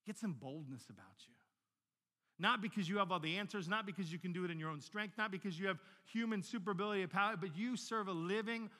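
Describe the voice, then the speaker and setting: A man's voice: high-pitched, fast, hardly any pauses, sharp tone, in a large hall. A pastor in his forties, telling stories animatedly in a sermon and often repeating words as he restarts a sentence. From Northern Virginia, United States.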